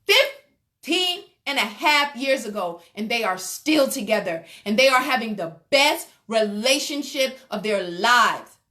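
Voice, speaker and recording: Woman, motivational talk, emphatic, slow deliberate pace, higher voice. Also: lively intonation, bright, forceful tone. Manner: emphatic, preacherly, addresses listeners directly. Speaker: relationship speaker.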